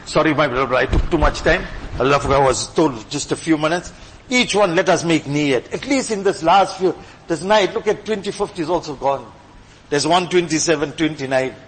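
A man preaching a sermon with passion, swinging between loud exhortation and hushed, pleading asides. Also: fairly high pitch, moderate pace, slight background noise. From Gujarati-speaking background. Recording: long hall reverb.

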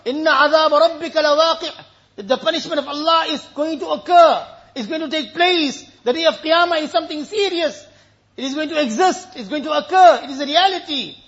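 A man's voice: extremely high pitch, a bit bright, highs cut off. A man preaching a sermon with emotion, telling stories and reciting Arabic verses.

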